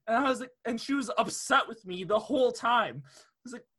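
A young man chatting on a casual podcast, his voice high and bright. He tells stories with a lot of energy, laughing often and cursing freely. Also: a little fast, breathy edge. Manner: animated storyteller, laughs often, swears freely. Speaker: podcast co-host.

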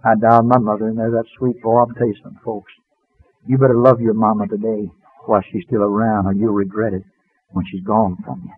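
A man giving an earnest spoken testimony, sinking low and soft at painful memories. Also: little pitch movement, fairly quick, husky. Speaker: testifying speaker. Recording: dull dry radio sound.

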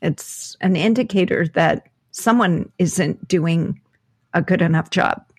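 A woman co-hosting a podcast, talking things through in an unhurried way with many pauses and fillers. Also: fairly low pitch, slightly rough, no echo, studio quality. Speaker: podcast co-host. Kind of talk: casual podcast chat.

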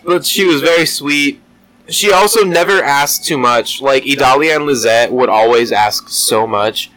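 A man's voice: medium pitch, a little slow, a bit bright, rough recording. A man co-hosting a casual podcast, adding crude, wry side comments to a friend's story. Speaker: podcast co-host. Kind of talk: casual chat.

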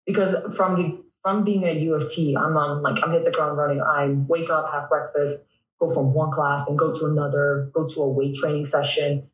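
A young man in his twenties with a Canadian accent, telling stories as a guest in a casual interview, animated and laughing often. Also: a little high, moderate pace, dull audio. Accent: Canadian English. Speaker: guest, pro volleyball player. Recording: echoey, from a distance.

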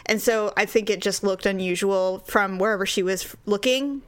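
A woman co-hosting a casual chat, telling stories in an animated way and acting out the voices of people she quotes. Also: medium pitch, moderate pace, clean tone. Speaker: podcast co-host.

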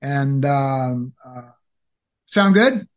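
A man's voice: mid-range voice, drawn-out words. A man hosting a talk radio show, chatting casually with lots of fillers. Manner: relaxed, filler-heavy. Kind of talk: casual chat.

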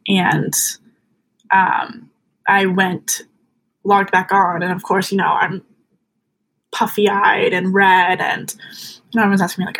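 A woman's voice: medium pitch, little pitch movement, a little slow, gravelly, long pauses, fairly bright tone, a little hiss or hum, rough recording. A young woman as a podcast guest, telling a personal story in an earnest, chatty way, full of fillers.

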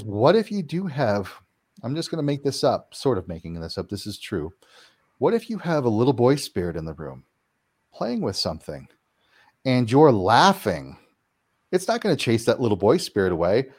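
A man answering interview questions, explaining his work clearing houses and acting out quoted reactions as he talks. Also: normal speed. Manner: animated, acts out quoted reactions with big pitch jumps. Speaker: paranormal house-clearing practitioner, guest.

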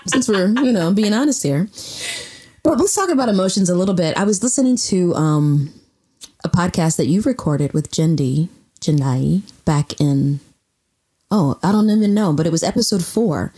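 Husky-voiced woman telling a story. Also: lowish voice, normal speed. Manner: animated storyteller, acts out quotes. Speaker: podcast co-host. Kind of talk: casual intimate conversation.

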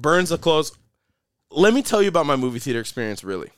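A man's voice: a little high, big pitch swings, fast talker, clean tone, no echo, clean studio sound. A young man hosting a podcast, talking casually and animatedly, swearing and saying "like" and "dude" a lot. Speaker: podcast host. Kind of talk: casual chat.

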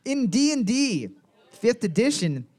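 A man's voice: extremely high pitch, big pitch swings, a little slow, darkish tone. A man hosting a live trivia night for a podcast, reading questions and teasing the players with jokes and frequent laughter. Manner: jokey, teasing, laughs often. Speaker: trivia host.

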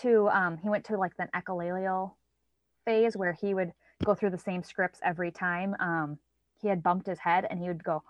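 A woman's voice: lowish voice, steady tone, normal speed, dry recording. A woman in her thirties talking about her child in casual conversation, often acting out quoted lines with a raised voice. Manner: chatty, acts out quoted lines in a lifted voice. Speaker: parent guest. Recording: dry, slightly dull sound.

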